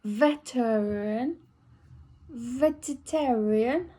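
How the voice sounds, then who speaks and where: Slow, effortful English woman reciting words. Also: fairly high pitch, dark tone. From England. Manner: slow, effortful, deliberate word-by-word articulation. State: relearning speech after a brain injury. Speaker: vlogger recording speech practice. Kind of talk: reading a word list aloud for speech practice.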